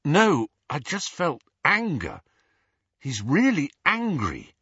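A man's voice: a little high, wildly swooping pitch, slow pace, fairly bright tone, husky, dry recording, pitched above the performer's own voice, full character voice. Brief: tense teen wizard boy in pain, strained mutter; a male narrator voicing him, dull lo-fi sound.

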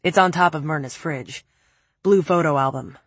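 A woman voicing a cold, cruel young man who speaks calmly and cuttingly in a low, flat tone. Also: moderate pace, husky, no echo. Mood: cold, menacing.

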